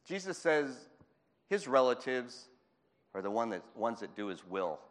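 A male preacher delivering a lively sermon. He acts out Bible scenes and chuckles between points. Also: medium pitch, measured pace, long reverb tail.

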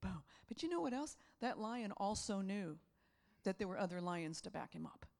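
A middle-aged woman preaching a sermon, animated and laughing often as she acts out the voices in her stories. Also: medium pitch, moderate pace, gravelly.

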